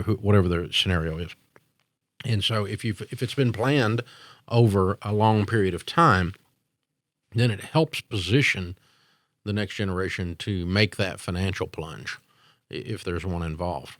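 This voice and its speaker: A man's voice: low voice, a bit bright, dry recording, studio quality. A man in his sixties, a business owner answering interview questions in a blunt, opinionated way with frequent fillers.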